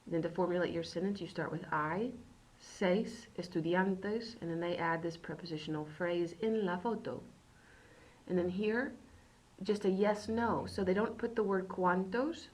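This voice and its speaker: A woman teaching beginner Spanish in a recorded lesson. She repeats words slowly and keeps checking in with "okay". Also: fairly low pitch, rough recording.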